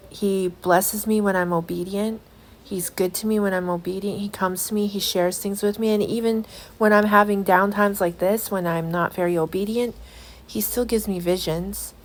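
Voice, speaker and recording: A woman giving an earnest personal testimony in a vlog, talking in halting phrases with many fillers and restarts. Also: medium pitch, fairly even intonation. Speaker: vlogger.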